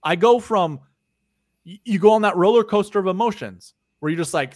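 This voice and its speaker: Man, podcast co-host, casual storytelling, swears, trails off quietly, dry close sound. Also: on the high side, brisk, dry recording. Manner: animated storyteller, swears freely. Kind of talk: casual chat.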